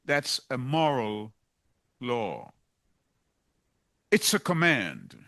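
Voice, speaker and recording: A man's voice: sits high, big pitch swings, slow pace, pauses often, sharp tone. A man preaching a sermon, emphatic and driving points home by repeating them.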